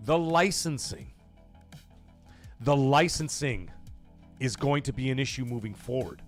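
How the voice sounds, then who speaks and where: A man hosting a casual gaming news live stream, talking straight to his viewers, animated and loose with swearing. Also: medium pitch, measured pace, pauses often, faint music behind. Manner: animated, swearing, talks to chat and folks.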